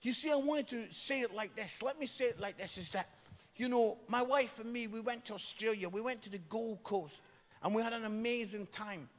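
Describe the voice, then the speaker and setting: High-voiced British preacher in a reverberant hall. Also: male voice, moderate pace. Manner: storytelling, repeating phrases for emphasis. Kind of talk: evangelistic sermon with a story. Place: large church hall.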